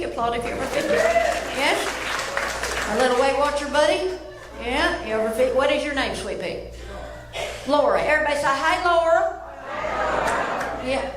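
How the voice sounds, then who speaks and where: A woman's voice: big pitch swings, brisk, pauses often, a loud crowd. Folksy woman doing stand-up. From Kentucky, US. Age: 50s. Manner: folksy, self-mocking, bursts up high on punchlines. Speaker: stand-up comedian. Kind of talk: stand-up comedy set. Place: comedy club stage before a live audience. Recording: roomy live venue with audience noise.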